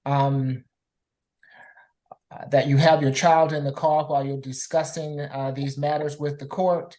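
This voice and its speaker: A low-pitched woman speaks as a judge. She questions a witness in a measured, stern way, pausing to choose her words. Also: level tone, dark tone, low-quality recording. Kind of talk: court hearing.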